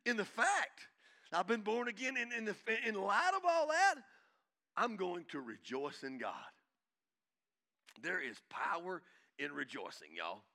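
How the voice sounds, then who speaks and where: A male pastor preaching a sermon, swinging from shouting to hushed intensity and calling out to the congregation. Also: high voice, very animated, a little slow, long pauses. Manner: calls out to the congregation.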